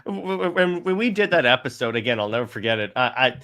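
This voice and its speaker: A man's voice: medium pitch, animated, fast, bright, forceful tone. A man co-hosting a casual comics podcast, stating strong opinions with frequent stammers. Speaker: podcast co-host. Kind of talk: casual chat about comics.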